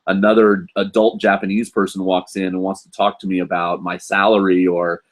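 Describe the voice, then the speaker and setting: A man hosting a casual live Q&A stream as a university English teacher, chatty and animated, leaning on "you know" as he talks. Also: low-pitched, a little fast. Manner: animated, acts out students and staff in a raised voice. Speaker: host answering viewer questions.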